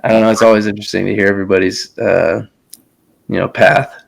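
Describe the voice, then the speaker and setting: A young man hosting a relaxed casual chat, talking loosely with a lot of um and you know. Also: fairly low pitch, fast, creaky, rough recording. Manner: relaxed, many fillers and restarts.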